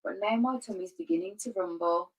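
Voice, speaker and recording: A woman's voice: fairly low pitch, brisk, close to an everyday voice, low-quality recording. Woman reading as a cocky little mouse, raised sing-song voice, storybook bluster. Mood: smug. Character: small clever boastful mouse.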